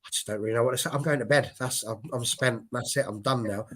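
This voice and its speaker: A man hosting a fan show, chatting excitably and rambling with restarts. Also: mid-range voice, quick pace, slight background noise. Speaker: host. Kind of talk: casual chat.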